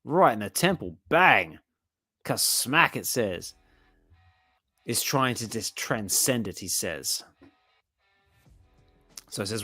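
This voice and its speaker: A man casually reading a comic aloud and reacting excitedly to the panels as a channel host. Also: fairly low pitch, takes it slowly, pauses often, slightly rough, no room sound, faint music behind.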